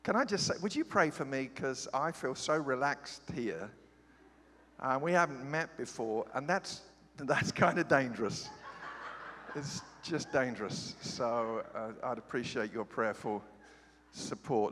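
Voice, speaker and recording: A man's voice: mid-range voice, animated, a little slow, fairly bright tone, husky. Chatty man preaching in a reverberant church. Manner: humorous, chatty asides. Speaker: guest preacher. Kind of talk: sermon with scripture reading. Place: large church sanctuary. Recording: long hall reverb.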